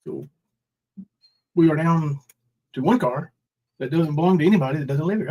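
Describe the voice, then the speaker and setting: On a casual livestream, a forties-aged host speaks at a moderate pace in a voice on the high side with a darkish tone. The audio is poor as he rambles through his troubles, calls out chat names, and slips into mock crying.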